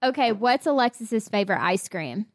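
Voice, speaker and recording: A woman's voice: a little high, expressive, dry recording. Giggly young woman, dry close mic. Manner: giggly, quick to interject. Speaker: podcast co-host. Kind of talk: casual chat.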